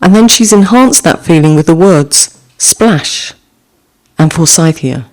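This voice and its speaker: A woman hosting a podcast, reading listener haiku and discussing them in a measured way, repeating each poem twice. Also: on the low side, lively intonation, darkish tone. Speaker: podcast host.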